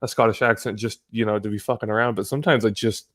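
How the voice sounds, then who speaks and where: A man's voice: lowish voice, steady tone, quick pace. A man from the United States, a guest on the show, talking in a rambling casual way, swearing freely and often restarting his sentences. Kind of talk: casual chat. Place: home in California.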